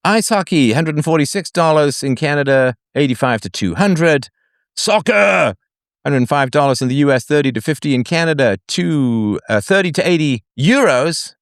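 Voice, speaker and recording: A man's voice: medium pitch, dry recording, studio quality. A man hosting a live solo show, reading out figures with sarcastic, mocking asides. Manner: jokey asides between figures read out. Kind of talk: solo livestream monologue.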